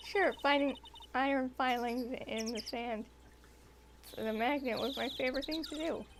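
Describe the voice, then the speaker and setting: A woman's voice: sits high, fairly even intonation, normal speed, background noise. A woman co-hosting a game playthrough, chatting casually and rambling a little. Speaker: let's play co-host. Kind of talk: casual chat while playing a game.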